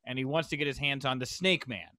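A man hosting a podcast in casual chat, recapping events with lively, excitable asides. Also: medium pitch, quick pace, no echo. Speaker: podcast host.

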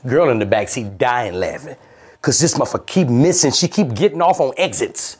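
Animated storytelling man. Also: medium pitch, fairly quick, slightly rough. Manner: animated, profane, swaps between voices. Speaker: podcast host. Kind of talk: comedic storytelling.

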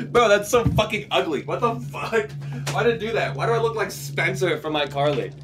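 A young man live-streaming from his room, talking loosely and swearing freely. His pitch swings widely, jumping high when something surprises him, and faint music plays underneath his voice. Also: normal speed. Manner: swearing, excitable outbursts. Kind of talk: casual live-stream chat.

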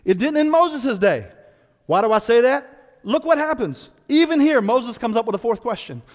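Man, pastor, sermon, playful voiced asides, very expressive pitch, long hall echo. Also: moderate pace. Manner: animated preaching with playful voiced asides, laughs with the congregation. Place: church sanctuary.

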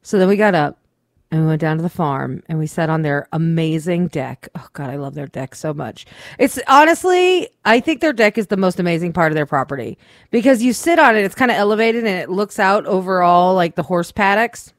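A woman co-hosting a radio show, telling a weekend story in casual, swearing, animated chat. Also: fairly low pitch, a little fast, no echo, studio quality. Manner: chatty storyteller, swears freely, acts out quotes.

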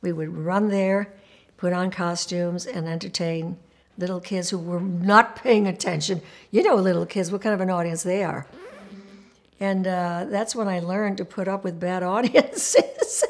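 An older woman recalls her past in an animated, expressive way. She acts out the voices of the people in her stories, often breaking into laughter as she talks. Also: on the low side, unhurried. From Puerto Rico. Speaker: interviewee. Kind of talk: documentary interview storytelling.

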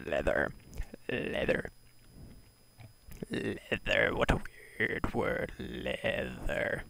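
A man talking to himself in deadpan, mock-solemn mutters and half-whispers while playing a video game. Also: fairly low pitch, takes it slowly, creaky, rough recording. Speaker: gamer playing a block-building game.

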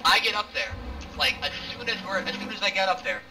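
A young man telling a rambling, profane war story in casual voice chat over loud vehicle noise. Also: high-pitched, vocal fry, recorded from a distance, poor audio. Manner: rambling, profane, fast and animated. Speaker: milsim squad member telling war stories.

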